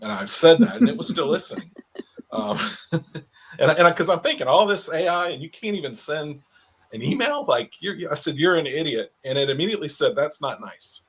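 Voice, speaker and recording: A man's voice: on the high side, sing-song, moderate pace, slightly rough. A man speaking as an expert on a panel discussion, chatty and self-deprecating, with frequent restarts and repeated words.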